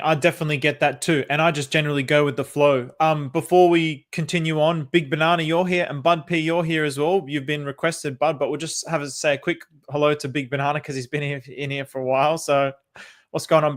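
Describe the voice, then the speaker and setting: Polite, easygoing higher-voiced man. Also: little pitch movement, quick pace. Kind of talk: casual chat.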